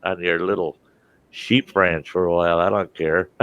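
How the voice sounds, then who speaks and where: An older man chats and tells rambling stories, breaking into laughter often. His voice sits low. The sound is dry and a bit muffled. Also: steady tone, a little slow, a bit bright, no room sound. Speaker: host. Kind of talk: casual chat.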